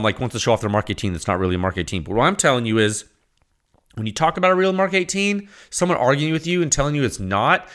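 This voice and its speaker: Podcast host guy rambling on, stumbles and repeats himself, voice bounces up and down a lot. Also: medium pitch. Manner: rambling, repeats words, conversational, lively asides. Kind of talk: solo podcast talk.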